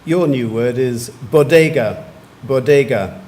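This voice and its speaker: A man, pronouncing words clearly and giving short definitions at a spelling competition. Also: medium pitch, darkish tone, slight background noise. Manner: measured, repeats each word clearly and gives brief definitions. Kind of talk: formal word pronouncing at a competition. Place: large museum hall.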